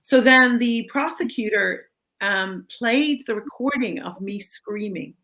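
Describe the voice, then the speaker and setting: A middle-aged woman, a guest in an interview, telling a personal story in a candid, animated way and acting out the voices of the people she quotes. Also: a little high, slow pace, rough recording.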